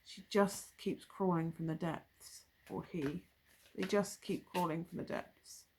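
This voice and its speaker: A woman's voice: on the low side, steady tone, a little slow, a little mellow, a little hiss or hum. A woman doing a casual tarot reading, musing and thinking aloud as she turns over cards, with trailing asides. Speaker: tarot reader.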